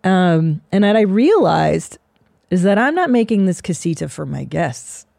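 A woman's voice: on the low side, very animated, measured pace, vocal fry, a little mellow, dry recording. A woman in her forties hosting a podcast, talking in a loose, profane, rambling and self-mocking way. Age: 40s. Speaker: podcast host. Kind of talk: casual solo monologue.

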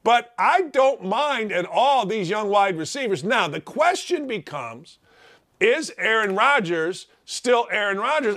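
A man hosting a sports talk show, giving an animated, sarcastic monologue that repeats names for emphasis. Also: high-pitched, measured pace.

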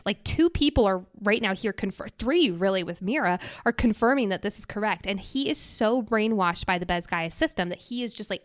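Excitable woman podcast co-host. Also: a little high, normal speed, dry recording, studio quality. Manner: excited, swears casually. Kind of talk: casual book discussion.

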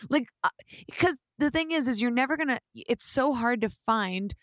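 A woman's voice: fairly high pitch, animated, normal speed, no echo. A young woman co-hosting a podcast, chatting casually and teasing her partner with a laugh. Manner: playful, teasing, laughs easily. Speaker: podcast co-host.

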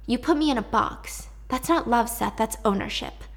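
A woman voicing a needy, manipulative young woman in captivity, talking softly and pleadingly. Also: on the high side, animated, moderate pace, vocal fry.

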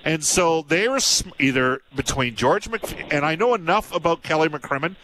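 A man co-hosting sports radio, rambling in an animated way about hockey and slipping into mock voices. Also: on the high side, normal speed, low-quality recording. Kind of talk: heated hockey talk.

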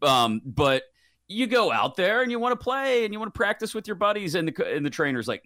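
A man's voice: sits high, very animated, brisk, bright, forceful tone, no echo, studio quality. A man filling in as co-host, chatting casually and telling self-deprecating stories with frequent laughs. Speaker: fill-in co-host. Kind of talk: casual chat.

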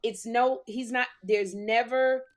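Woman, stand-up comic, chatty storytelling, animated, bursts into loud quotes. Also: fairly high pitch, slow pace. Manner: animated, acts out quotes loudly. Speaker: talk show host and comic, guest. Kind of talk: lively storytelling chat.

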